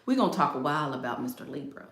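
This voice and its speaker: A woman's voice: very deep voice, sing-song, rapid-fire, a bit bright, reverberant. A middle-aged woman hosting a casual chat, talking emphatically, repeating her points and laughing often. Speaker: astrology video host. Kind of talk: casual live chat reading comments.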